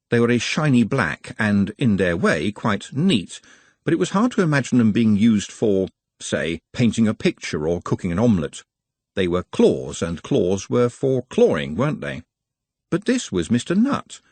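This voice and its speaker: A man narrating an audiobook in a scripted, expressive delivery. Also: lowish voice, moderate pace, husky, no echo.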